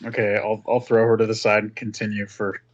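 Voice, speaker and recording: A man's voice: on the low side, flat delivery, brisk, highs cut off. A man playing in a tabletop game, talking in a laid-back, joking way, swearing and stumbling over his words. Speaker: player. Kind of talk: casual tabletop play.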